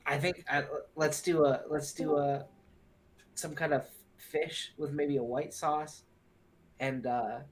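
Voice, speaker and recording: A man's voice: on the high side, steady tone, slow pace. A man playing a character in a tabletop game, hesitant, often repeating and restarting his words. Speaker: player. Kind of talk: in-character tabletop role-play.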